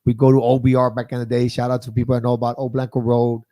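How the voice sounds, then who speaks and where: A man in his forties hosting a podcast, telling a story in lively, casual chat that often starts with "hey". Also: medium pitch, quick pace. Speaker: podcast host.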